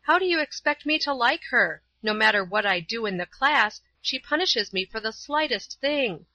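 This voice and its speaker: A woman's voice: fairly high pitch, expressive, normal speed, pushed and bright, no room sound, pitched above the performer's own voice, poor audio. A woman voicing a stubborn, resentful young schoolgirl in a storybook reading, complaining indignantly.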